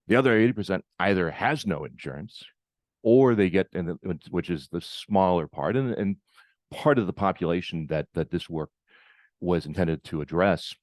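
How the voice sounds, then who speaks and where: An American man giving a conference keynote talk, halting and often repeating his words as he goes. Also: low voice, a little mellow, dry recording, studio quality. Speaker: keynote speaker.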